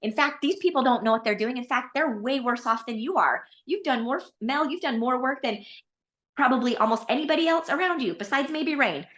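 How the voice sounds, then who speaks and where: A woman in a coaching session, reflecting out loud on her feelings in a rambling, searching way. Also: high voice, expressive, fairly quick. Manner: reflective, rambling, thinks aloud with restarts. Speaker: coaching client.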